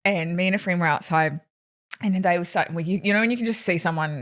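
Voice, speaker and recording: A woman's voice: lowish voice, fast, fairly bright tone. A young woman co-hosting a podcast, rambling through anecdotes and acting out bits of dialogue. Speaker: podcast co-host. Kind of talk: casual chat.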